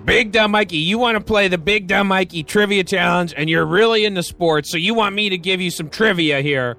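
A man's voice: high voice, vocal fry, pushed and bright, soft background music. A man hosting a comic morning radio show, joking his way through calls. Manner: quick, jokey, taking calls. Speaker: radio host.

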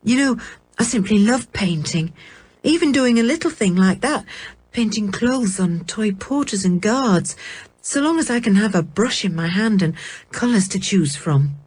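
A woman's voice: mid-range voice, expressive, a little slow, a little mellow, husky. A woman voicing a lonely, sullen boy who loves painting, in a storybook reading. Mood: wistful. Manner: bitter then eager.

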